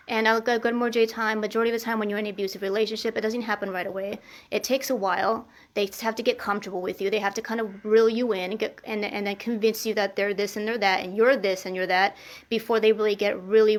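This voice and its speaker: A woman speaks straight to her viewers, recounting her own experience with plain, unpolished frankness. She stops and restarts her sentences often and drops casual swear words. Her pitch sits in an ordinary middle range. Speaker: vlogger sharing a personal story. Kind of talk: candid personal storytelling to camera.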